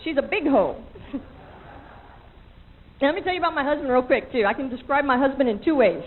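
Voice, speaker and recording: A young woman doing a stand-up routine on a club stage, chatty and self-mocking, with quick asides to the crowd, recorded on an old VHS tape. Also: sits high, phone-quality sound, slight background noise. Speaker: stand-up comedian.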